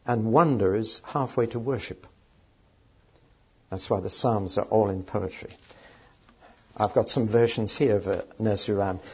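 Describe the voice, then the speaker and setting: A man with a husky, slightly breathy voice teaches in an emphatic, explanatory way, leaning on the words that matter. The recording is dull and lo-fi, with the top end rolled off. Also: on the low side, unhurried, long pauses. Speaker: Bible teacher. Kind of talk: teaching talk on poetry.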